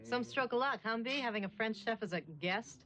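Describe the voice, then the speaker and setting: A woman's voice: fairly high pitch, expressive, fairly quick, bright, forceful tone. An actress playing a flirty New York socialite woman who talks in a chatty, gushing, rambling way. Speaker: acquaintance who bumps into a friend while shopping. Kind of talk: 1990 film romantic comedy acting.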